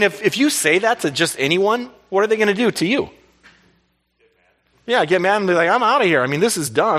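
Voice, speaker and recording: A pastor preaching a lively sermon, asking the congregation questions and laughing along. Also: male voice, fairly high pitch.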